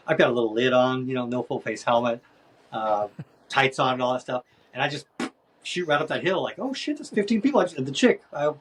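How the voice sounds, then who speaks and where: A man as a podcast guest, telling a story in a casual, animated way and acting out other people's voices. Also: medium pitch, slightly rough. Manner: animated, acts out voices in his stories.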